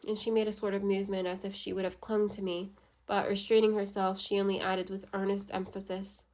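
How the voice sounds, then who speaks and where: A woman reading a classic novel aloud in an even, measured way, giving the quoted lines only a light touch of voice. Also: mid-range voice. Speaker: audiobook reader.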